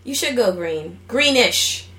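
A young woman co-hosts a casual gaming and gadget podcast, chatting in a bubbly, joking way and rambling with fillers. Her voice sits a little high. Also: lively intonation, slow, fairly bright tone. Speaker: podcast co-host.

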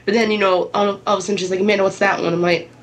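A woman's voice: medium pitch, little pitch movement, very fast, low-quality recording. Chatty woman telling a family story. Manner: swears freely, acts out family dialogue. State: sick. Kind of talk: casual storytelling chat.

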